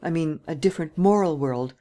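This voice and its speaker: A woman's voice: deep voice, a little fast, warm tone, natural voice. A woman reading an audiobook and voicing an elderly woman, protective and anxious, who pleads with a tremulous, sometimes whispered voice. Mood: earnest.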